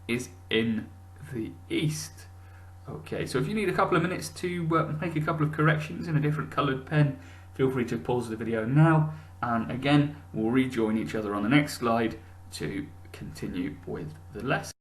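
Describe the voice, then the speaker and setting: Guy teaching a video lesson, patient, encouraging, lots of ums, normal pitch. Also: lively intonation, normal speed. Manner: patient, encouraging, many fillers and restarts.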